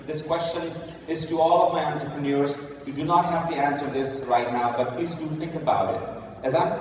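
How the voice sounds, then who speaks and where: Male event host, emphatic and repetitive, captured from a distance in a reverberant hall with faint background noise. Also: fairly high pitch. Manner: emphatic, repeats key phrases. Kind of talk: speaker introduction.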